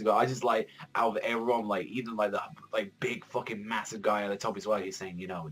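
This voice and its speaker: A man's voice: lowish voice, fairly even intonation, fairly quick, few pauses, a bit bright. A young man reviewing a manga chapter in a casual, rambling way, swearing often and filling his talk with "like". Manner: rambling, profane, heavy use of filler "like".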